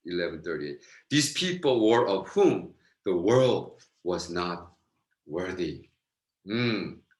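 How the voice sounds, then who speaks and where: Deep-voiced pastor preaching. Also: male voice. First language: Korean. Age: middle-aged. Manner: animated, earnest, swings from loud emphasis to soft asides. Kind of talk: Bible lecture sermon. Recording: roomy echo.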